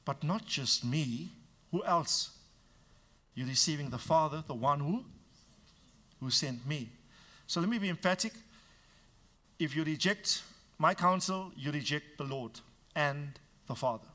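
A male pastor preaching a sermon to his congregation, frank and teasing, dropping to quiet asides and then rising to emphatic, raised lines. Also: on the high side, animated, unhurried, pauses often.

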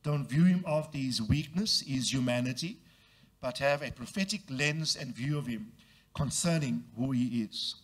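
A man preaching a sermon, leading his congregation to repeat phrases and acting out the voices of the people in the story. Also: normal speed. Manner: acts out quoted voices with big jumps in pitch. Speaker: pastor.

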